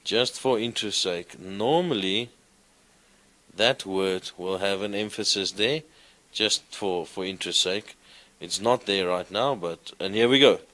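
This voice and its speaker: A man teaching a class, explaining grammar slowly and reciting verb forms in a sing-song way. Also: on the low side, bright, forceful tone. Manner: slow, deliberate, recites conjugations in a sing-song. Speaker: lecturer. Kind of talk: classroom lecture.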